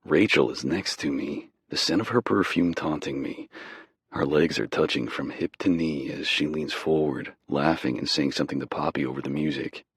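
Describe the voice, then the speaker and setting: A man narrating a romance audiobook in the first person, with a slow, intimate, low-key delivery. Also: breathy edge, no room sound, studio quality.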